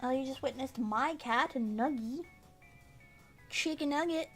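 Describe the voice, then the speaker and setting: A woman's voice: high voice, measured pace, fairly bright tone, slightly rough, soft background music. Bubbly young woman chatting on stream. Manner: bubbly, giggly, baby-talks to her cat. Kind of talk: casual stream chat while embroidering.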